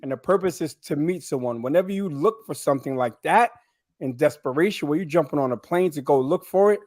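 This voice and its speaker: A man with a slightly high voice tells blunt stories on a casual podcast panel. His sound is dry and close to the mic, with no room around it. He keeps checking in with his listeners as he talks. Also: animated, fairly quick, a little mellow, no room sound. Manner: blunt storytelling, frequent "you know what I'm saying".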